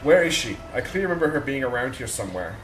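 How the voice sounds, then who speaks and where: A man's voice: medium pitch, sing-song, quick pace, noisy background. A man streaming a game, chatting casually, thinking aloud and reading out game text. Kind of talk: casual gameplay commentary.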